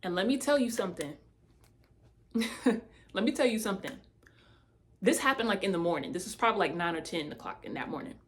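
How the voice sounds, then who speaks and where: A woman telling a personal testimony in a casual, animated way, speaking straight to her listeners. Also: medium pitch, fairly quick, pauses often.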